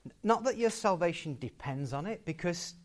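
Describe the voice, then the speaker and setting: A man preaching a sermon, emphatic, repeating key phrases and swinging between loud and soft delivery. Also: sits high, expressive, moderate pace.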